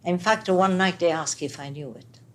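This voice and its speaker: An older woman with an Italian accent, speaking as an interview guest in a casual, animated way, with halting English and many restarts. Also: on the low side, a little hiss or hum. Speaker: interviewee, retired opera singer. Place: home apartment.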